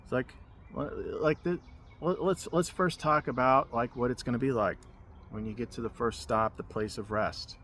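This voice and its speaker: A man's voice: mid-range voice, normal speed, fairly bright tone, a little hiss or hum. A man vlogging from a hammock outdoors, telling a story in a rambling, casual way full of fillers and restarts. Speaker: spiritual vlogger.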